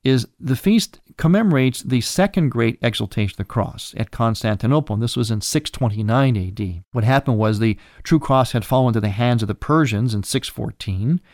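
A man teaching about church feasts in a measured, explanatory way, often restarting a phrase as he works out his wording. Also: medium pitch, expressive, a little mellow, no echo, studio quality. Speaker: religious teacher. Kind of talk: explanatory religious lecture.

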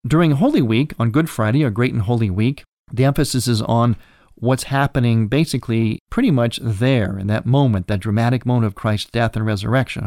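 A man teaching about church feasts in a measured, explanatory way, often restarting a phrase as he works out his wording. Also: mid-range voice, a little mellow, dry recording, clean studio sound. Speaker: religious teacher. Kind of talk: explanatory religious lecture.

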